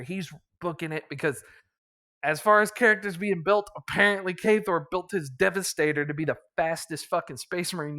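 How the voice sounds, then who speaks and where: A man's voice: a little high, sharp tone. A man casually recapping a tabletop campaign as its game master, rambling with lots of fillers and chuckles.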